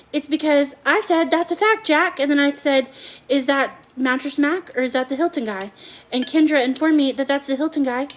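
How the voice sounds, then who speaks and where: Woman, high-pitched, bubbly, rambling, live cooking stream host, home kitchen, faint dish noise. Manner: bubbly, rambling, talks to viewers by name.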